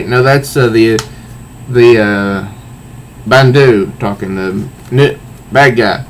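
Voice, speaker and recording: A man casually reviewing a comic book, recounting panels in a halting way with repeated words. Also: medium pitch, slight background noise, poor audio.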